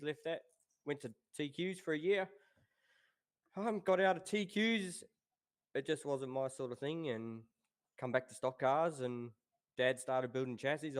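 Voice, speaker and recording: A man in his thirties with a New Zealand accent, chatting as a guest about his racing past in a relaxed way. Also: mid-range voice, clean tone. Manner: relaxed, laid-back, says "obviously" and "um" often. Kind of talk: casual interview chat.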